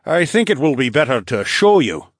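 A man reading an audiobook, voicing a calm, reassuring merman duke. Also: mid-range voice, normal speed, slightly rough, no room sound, studio quality, pitched above the performer's own voice. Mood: composed. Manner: reassuring, composed. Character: calm diplomatic merman duke, middle-aged. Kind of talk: audiobook character voice.

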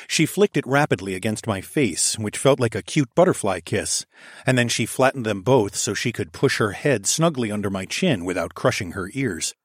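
A man's voice: fairly low pitch, animated, moderate pace, husky, no room sound, clean studio sound. A man narrating a first-person romantic fantasy story, intimate and wry, switching between narration and dialogue. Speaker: audiobook narrator.

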